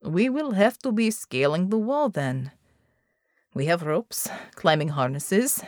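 A gruff, stern team leader who speaks in clipped, broken English and is sure of his command, as a woman reads him out. The voice sits low and dry, close to the mic with no room around it. He sounds like a soldier used to being obeyed. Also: very animated, slow, a little mellow, no echo.

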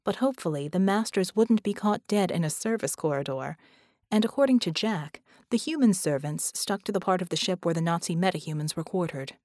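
A woman reads an audiobook in a somewhat low, steady voice. Her delivery is measured, with quiet dramatic shifts. The sound is dry and close, with no room around it. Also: dry recording. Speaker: audiobook narrator. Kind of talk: scripted narration.

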